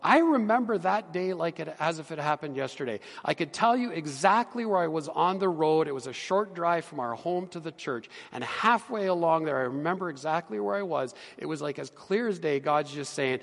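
A middle-aged man, a pastor, preaching a sermon with earnest emphasis that drops to hushed tones. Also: a little high, animated, normal speed, creaky, hardly any pauses, long reverb tail. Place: church sanctuary.

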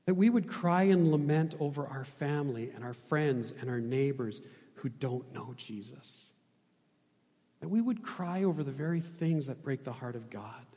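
A man preaching a sermon as pastor, impassioned, swinging between loud emphasis and hushed, quiet passages. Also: mid-range voice, moderate pace, in a large hall.

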